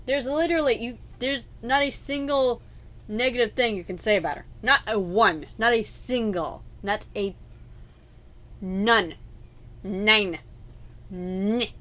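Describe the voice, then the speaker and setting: A woman's voice: a little high, takes it slowly, pushed and bright. A woman hosting a let's play in casual chat, arguing emphatically and rambling through restarts.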